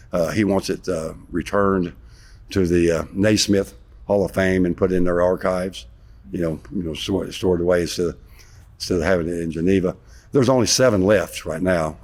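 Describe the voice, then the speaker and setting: Deep-voiced man telling an old story. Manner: rambling, animated retelling with sarcasm. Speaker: interview guest, former basketball player. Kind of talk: storytelling in a sit-down interview.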